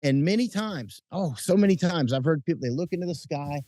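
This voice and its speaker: A middle-aged man chatting outdoors at night as an interview guest, telling animated stories with frequent restarts and chuckles. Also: on the high side, fairly quick, no echo. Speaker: interview guest, combat correspondent. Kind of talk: casual interview chat. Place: outdoors at night under lights.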